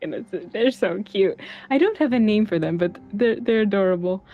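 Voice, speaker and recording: A woman playing a tabletop game, talking haltingly with many fillers. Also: medium pitch, animated, muffled recording, faint music behind. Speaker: player.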